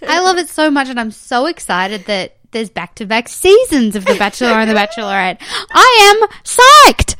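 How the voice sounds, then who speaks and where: A woman's voice: fairly high pitch, sing-song, brisk, few pauses. A young Australian woman co-hosting a podcast in a room at home, chatting casually and teasingly, giggling often and rambling with fillers. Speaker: podcast co-host. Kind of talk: casual chat. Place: room in a house.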